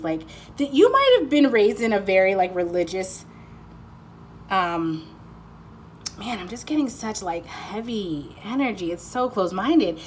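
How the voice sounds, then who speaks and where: A woman giving a spontaneous, intuitive card reading, excitable and rambling, often breaking off mid-sentence and apologizing. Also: mid-range voice, measured pace, slight background noise, poor audio. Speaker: tarot card reader.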